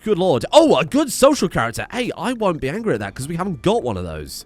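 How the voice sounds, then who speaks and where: Lively sweary man playing a game. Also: high-pitched, quick pace, hardly any pauses. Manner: animated, sweary, self-mocking, with sudden shouts. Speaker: gaming YouTuber. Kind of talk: casual let's-play commentary.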